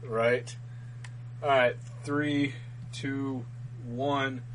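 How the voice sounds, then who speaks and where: A man's voice: fairly high pitch, big pitch swings, measured pace, soft background music, low-quality recording. A man co-hosting a podcast in casual chat, joking and laughing often. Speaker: podcast co-host.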